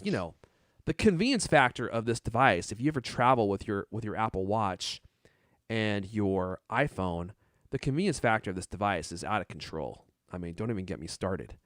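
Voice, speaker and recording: A man's voice: lowish voice, dry recording, studio quality. A man co-hosting a tech podcast in casual chat, joking and rambling, laughing often. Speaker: podcast co-host.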